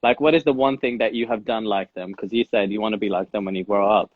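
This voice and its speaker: A man hosting a casual interview, asking teasing questions in a playful, excitable way. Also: fairly low pitch, quick pace, no echo, narrow, tinny audio. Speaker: podcast host.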